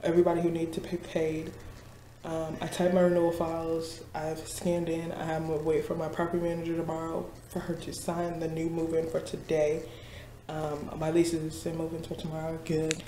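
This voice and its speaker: A woman's voice: low-pitched, monotone, a little fast, mellow, a little hiss or hum. Chatty woman vlogging from a roomy office. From Missouri. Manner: chatty, laughs often, mimics people. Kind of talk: casual chat. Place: office at her workplace. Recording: roomy office with faint ambience.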